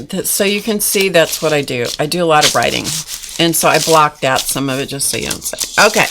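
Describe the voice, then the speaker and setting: A woman's voice: low-pitched, noisy background. Chatty woman teaching art journaling live. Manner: chatty, folksy, talks to viewers in chat. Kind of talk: casual live-stream art demonstration. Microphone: camera mic at a desk.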